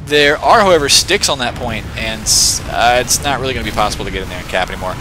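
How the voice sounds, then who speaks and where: A man calls a competitive game match live in play-by-play style, with a bright, forceful tone. He stays excitable and throws in joking asides. His pitch sits in an ordinary middle range, with a faint hiss of noise underneath. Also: fast talker, few pauses. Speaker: esports shoutcaster.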